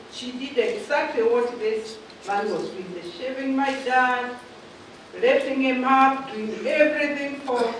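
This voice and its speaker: A woman from Kenya, an audience member, telling a personal story in a hesitant, heartfelt way. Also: on the high side. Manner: hesitant, heartfelt, halting restarts. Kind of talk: spontaneous personal sharing. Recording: echoey hall, distant, background noise.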